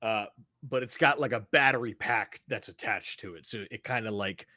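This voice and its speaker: A man acts as game master of a tabletop game, narrating in a loose, chatty way full of fillers. His voice sits at an ordinary middle pitch. The sound is close and dry. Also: moderate pace, sharp tone, no echo.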